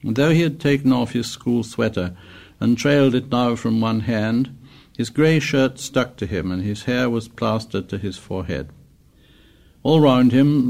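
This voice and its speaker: A man narrating an audiobook in a measured, descriptive way. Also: medium pitch, vocal fry, darkish tone.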